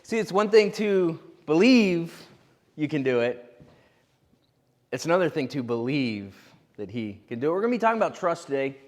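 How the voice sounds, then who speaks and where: A man preaching a sermon as pastor, telling a story with lively asides. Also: a little high. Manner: animated storytelling with quick asides. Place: church sanctuary. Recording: long reverb of a church hall.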